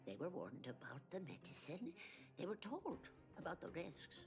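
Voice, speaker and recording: An actress voicing a gentle, sorrowful old woman in a game, with a gravelly, hushed delivery and an accent. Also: fairly low pitch, huge pitch swings, normal speed, music in the background. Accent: foreign-sounding.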